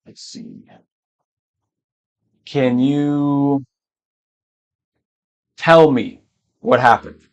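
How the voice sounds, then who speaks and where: A man teaching English in a live online lesson, patient and encouraging, often clearing his throat. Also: medium pitch.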